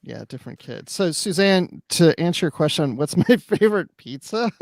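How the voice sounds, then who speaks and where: Chatty guy cohost, pitch bouncing all over, dry mic. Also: very animated, moderate pace, no echo. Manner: chatty, laughs between thoughts. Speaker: podcast co-host. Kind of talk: casual chat.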